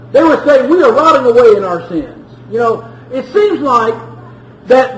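A male preacher with a strikingly high voice delivers a sermon. He talks earnestly, doubles back on words, and lifts his voice when he pleads. The room around him rings with echo. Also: a bit bright.

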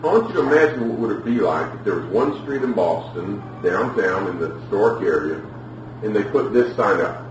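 A man preaches to a live audience about parenting, telling stories, asking the room questions, and acting out little scenes. His voice is lowish, expressive, and brisk. The recording comes from a roomy hall with a distant mic and faint noise.

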